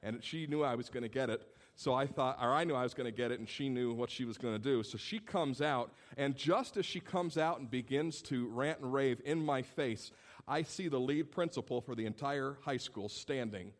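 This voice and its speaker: A male pastor delivers a sermon at normal speed in a mid-range voice. He tells stories with lots of animation, acting out the people in them.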